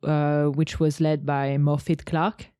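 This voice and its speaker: A woman co-hosting a relaxed podcast, telling her news in a hesitant way full of fillers. Her voice is low-pitched and mellow, recorded close and dry. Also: slow pace, clean tone, no room sound. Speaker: podcast co-host. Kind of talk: casual chat.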